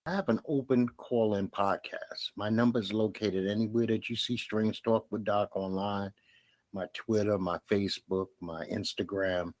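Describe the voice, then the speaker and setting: Middle-aged brooklyn guy doing a solo podcast rant, blunt and emphatic, kinda low voice, dry close mic. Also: steady tone, normal speed, darkish tone, no echo. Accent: Brooklyn New York. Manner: blunt, emphatic, repeats his points. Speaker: podcast host.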